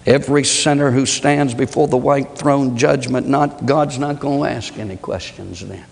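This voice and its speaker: A man preaching a sermon, moving between low, measured reflection and high, pleading rhetorical questions. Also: gravelly. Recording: long hall reverb.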